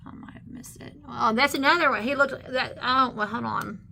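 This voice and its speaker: A woman, co-hosting a channel, talking indignantly and haltingly in casual commentary on videos. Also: fairly high pitch, vocal fry, sharp tone, a little hiss or hum. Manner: indignant, halting with many fillers. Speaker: channel co-host. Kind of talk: casual commentary on screen content.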